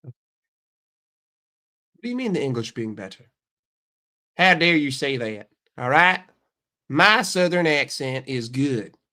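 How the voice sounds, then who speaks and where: A man's voice: medium pitch, expressive, takes it slowly, pauses often, pushed and bright. An American man with a blocked nose from a cold, bantering with his chat in a brash, profane, mock-outraged way. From United States. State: sick with a stuffy nose. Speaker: streamer answering chat. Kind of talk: casual livestream chat.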